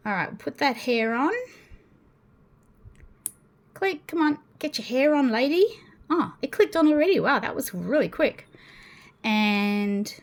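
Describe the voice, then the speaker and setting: A young adult woman with an Australian accent, chatting to viewers and the toys as she unboxes and builds. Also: fairly high pitch. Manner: animated, talks to viewers and the toys. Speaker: toy unboxing vlogger. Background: crinkling packets and plastic clicks.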